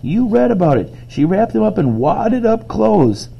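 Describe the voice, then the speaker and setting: A man reading aloud, voicing a blunt, rough young boy who asks questions in a high, raised voice. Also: very animated, a little slow, lo-fi sound, a little hiss or hum, full character voice.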